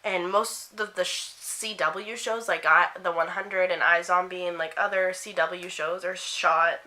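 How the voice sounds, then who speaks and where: A teenage girl from Canada telling a get-ready-with-me story, animated and swearing while acting out what her friends said. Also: on the low side, a little slow. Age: teens. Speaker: vlogger.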